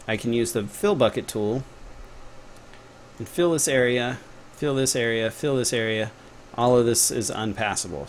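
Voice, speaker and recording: There's a little hiss or hum under this young Texan man's mid-range voice and Texan accent. He's a game developer running a laid-back live-stream tutorial, talkative and joking, muttering to himself along the way.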